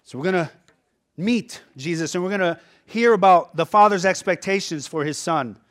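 A man's voice: high-pitched, moderate pace, a bit bright. A man preaching a sermon as pastor, conversational and emphatic, often checking in with the listeners.

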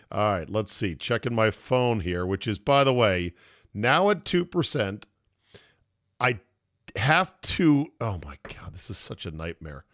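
A man's voice: fairly low pitch, unhurried, no room sound, studio quality. A man hosting a podcast, chatting casually and joking around with his co-host. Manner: joking, animated banter with laughs. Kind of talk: casual chat.

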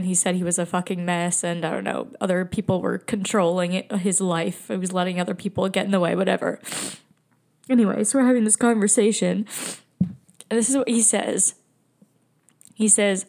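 A woman's voice: mid-range voice, darkish tone. Candid woman podcaster telling a story. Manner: emotional, candid, swearing, sighing. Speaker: podcast host. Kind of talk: personal storytelling.

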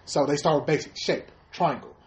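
A man's voice: a little high, brisk. A man co-hosting a casual podcast chat, explaining at length with crude joking. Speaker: podcast co-host.

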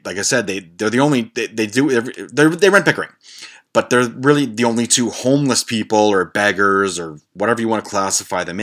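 A man's voice: fairly low pitch, a bit bright. A man, hosting a podcast and telling a rambling, profane story in a blunt, casual way. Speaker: podcast host.

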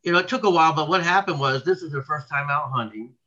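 A man's voice: on the high side, fast, pushed and bright, muffled recording. A man being interviewed as a researcher, telling long stories in a rambling way, with many restarts and fillers. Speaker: cryptid researcher guest. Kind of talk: casual interview talk.

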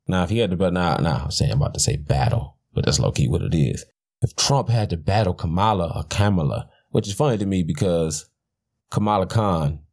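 Deep husky man ranting on a podcast. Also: darkish tone. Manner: profane, blunt, rambling with restarts. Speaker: podcast host. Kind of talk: casual rambling commentary.

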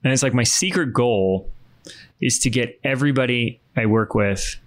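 A man's voice: medium pitch, moderate pace. A man hosting a podcast, informal and joking in casual conversation. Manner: joking, informal, swears lightly. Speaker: podcast host. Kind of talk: casual interview chat.

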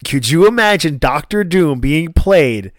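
Guy cohosting a chat, super lively up and down pitch, dry close sound, gets excited. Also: measured pace, no echo. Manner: animated, enthusiastic, laughs often. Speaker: podcast co-host. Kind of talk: casual chat.

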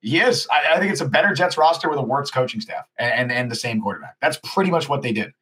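A man's voice: medium pitch, expressive, fast talker, a bit bright, breathy edge. A man co-hosting a casual sports podcast who rants heatedly and often restarts his sentences. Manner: heated ranting with frequent restarts. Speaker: podcast co-host.

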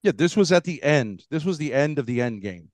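A man's voice: on the high side, expressive, brisk, darkish tone, no echo. A man arguing heatedly in an online debate, combative and given to mocking others in put-on voices, heard over a video call.

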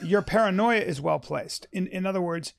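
A man's voice: sits high, normal speed, creaky. A man talking in a casual podcast chat, emphatic and profane, restarting sentences often and acting out quotes.

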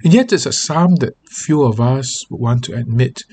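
A man's voice: mid-range voice, lively intonation, moderate pace, darkish tone, a little hiss or hum. A man giving a devotional talk as a pastor, earnest and reading scripture aloud with feeling. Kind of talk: devotional Bible teaching.

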